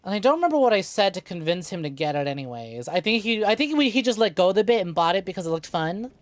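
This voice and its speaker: A woman's voice: medium pitch, very animated, fast, dry recording. Foul-mouthed rambling streamer woman, dry sound. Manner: profane, rambling storyteller. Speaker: VTuber streamer. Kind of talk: casual gameplay chat.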